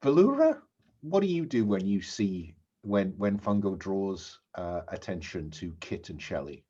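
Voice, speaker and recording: A man's voice: low voice, sing-song, measured pace, warm tone, husky, muffled recording. A man running a tabletop role-playing game as game master, asking players questions in a hesitant way.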